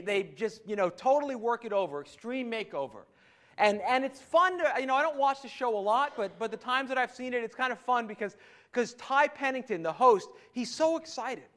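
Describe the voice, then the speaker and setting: A man with a very high voice preaches a sermon as if chatting with his congregation. He stumbles and restarts, then rises to emphatic points. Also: fairly bright tone. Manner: conversational preaching with frequent restarts and rising emphasis. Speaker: pastor.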